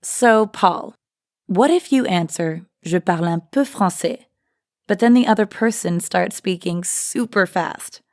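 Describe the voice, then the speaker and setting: Low-voiced woman explaining a lesson. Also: unhurried, no room sound, clean studio sound. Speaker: language teacher and co-host. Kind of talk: scripted lesson dialogue.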